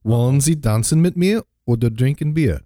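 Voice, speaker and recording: A man's voice: medium pitch, animated, moderate pace, dark tone, studio quality, pitched above the performer's own voice, natural voice. A man voicing a hammy German beer-hall host in playful, mock-formal broken German.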